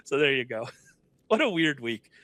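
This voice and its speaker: Bright, dry-sounding man in draft chat. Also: medium pitch, sing-song, moderate pace, dry recording. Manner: chatty, self-correcting, laughs often. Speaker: fantasy football analyst.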